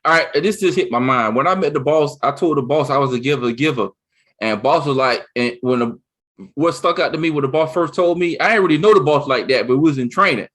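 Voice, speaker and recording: Talkative man co-host, pitched a bit high, rambling and excitable, lots of false starts. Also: brisk. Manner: excited, rambling, with lots of restarts and "you see what I'm saying". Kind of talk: casual chat.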